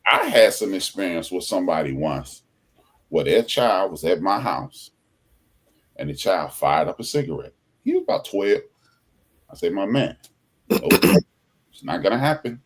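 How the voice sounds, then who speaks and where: A man hosting a podcast in casual chat, telling stories in an animated way and acting out the people he quotes. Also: low-pitched, normal speed, long pauses. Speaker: podcast host.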